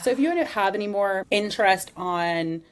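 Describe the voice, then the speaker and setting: A woman co-hosting a casual podcast, chatty and animated, laughing often. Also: medium pitch, normal speed, slight background noise. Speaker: podcast co-host.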